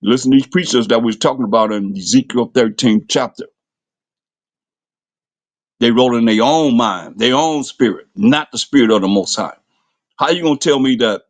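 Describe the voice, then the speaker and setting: A man preaches a fiery, street-style sermon from scripture at a moderate pace, impassioned and full of rhetorical questions. His voice jumps high when he mocks, and the recording sounds dry.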